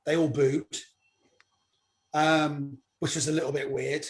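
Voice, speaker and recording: A middle-aged comedian, speaking a touch higher than most men. He tells his story casually and with animation, slipping into voices as he acts out what others said. The talk is loose and anecdotal, as a guest on an interview. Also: level tone, slow. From Cornwall, England. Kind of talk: conversational anecdote.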